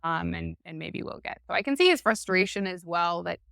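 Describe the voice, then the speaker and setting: A woman's voice: lowish voice, lively intonation, a little fast, creaky, a bit bright, clear, resonant tone, dry recording, clean studio sound. A woman co-hosting a sports podcast, chatting casually and drawing out her points with many fillers. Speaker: podcast co-host.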